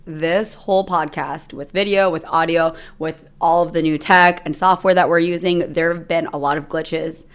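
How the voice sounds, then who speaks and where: A woman's voice: deep voice, fairly even intonation, moderate pace, hardly any pauses, smooth. A young adult woman hosting her own podcast, telling a personal story in a chatty, rambling way with many fillers. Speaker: podcast host. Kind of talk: casual solo podcast monologue.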